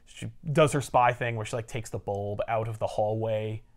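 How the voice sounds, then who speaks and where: A man's voice: fairly low pitch, steady tone, normal speed. A man casually recapping a comic on a podcast, storytelling animatedly and acting out the characters' lines. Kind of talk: casual chat.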